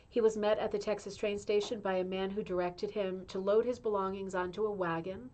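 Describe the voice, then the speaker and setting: A woman's voice: medium pitch, dark tone. A middle-aged woman hosting a casual livestream, reading a magazine aloud with chatty asides, in an indoor room. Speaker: show host reading a magazine. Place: indoor room with a humming heater.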